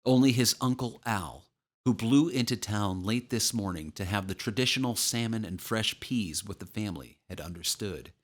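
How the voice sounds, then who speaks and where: Low-voiced male audiobook narrator. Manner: measured, steady storytelling.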